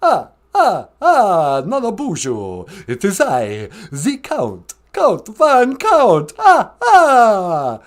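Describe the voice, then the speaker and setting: A melodramatic vampire count drawls slowly in a mock old-world accent, punctuating everything with a theatrical "ah, ah" cackle, as a man puts him on. His voice swoops wildly up and down as he mopes about his cursed undead fate. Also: high voice, huge pitch swings, heavily acted. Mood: grand greeting. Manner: slow, melodramatic, self-pitying. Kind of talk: comedic call-in sketch.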